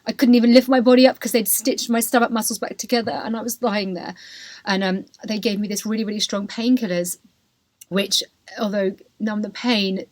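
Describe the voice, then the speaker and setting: A woman's voice: mid-range voice, steady tone, fairly quick, a little mellow, dry recording. A woman opens up on her podcast, speaking candidly and emotionally with plenty of "like" and "you know". Her voice sits in a middle register, and the recording is close and dry with no room around it. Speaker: podcast host. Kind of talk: personal storytelling.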